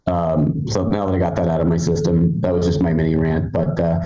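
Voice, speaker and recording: A man doing stand-up in a comedy club, his voice on the low side and bouncing around an echoey room. He talks in a halting way, full of ums and restarts, then jumps high and loud whenever he quotes someone. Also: flat delivery, soft background music. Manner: rambling, halting delivery with many ums and restarts. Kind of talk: live stand-up set.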